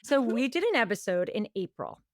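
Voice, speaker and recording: A woman's voice: on the high side, very animated, brisk, background noise. A woman co-hosting a podcast, casually recapping a story in a chatty way, full of "like" and quoted asides. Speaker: podcast co-host.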